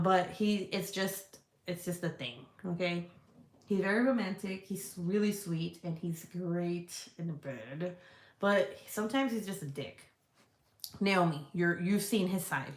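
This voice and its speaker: A woman vlogger chatting casually and answering viewer comments, frank and profane and quick to laugh. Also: on the low side. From United States. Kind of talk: casual chat. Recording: echoey room.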